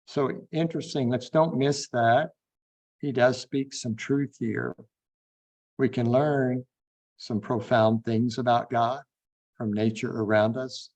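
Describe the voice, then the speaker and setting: A man teaching a Bible class, unhurried and thinking aloud with frequent fillers. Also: mid-range voice, fairly even intonation, darkish tone, highs cut off. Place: online classroom.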